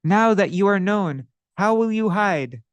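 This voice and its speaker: A man's voice: high-pitched, lively intonation, measured pace, smooth, no room sound, pitched above the performer's own voice. Man doing a pleading repentant ruffian. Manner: pleading, raised and earnest.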